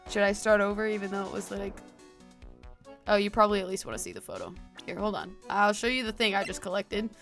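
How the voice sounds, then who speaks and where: A woman streaming a game, chatting casually with quick self-deprecating asides. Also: mid-range voice, animated, a bit bright. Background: game music.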